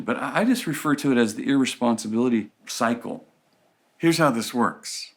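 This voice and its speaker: A man teaching a relationships course in a conversational, playful way, acting out examples. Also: mid-range voice. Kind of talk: recorded course lecture.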